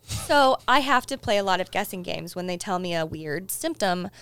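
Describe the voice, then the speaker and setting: A woman's voice: on the low side, expressive, moderate pace, fairly bright tone, smooth, no echo. A woman in her thirties, co-hosting a casual chat, telling a story and quoting her kids' lines, with frequent laughs. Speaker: podcast co-host.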